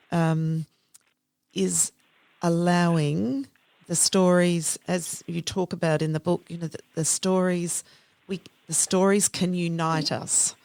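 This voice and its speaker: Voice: medium pitch, creaky, darkish tone, no room sound. A podcast host talking thoughtfully in an interview conversation.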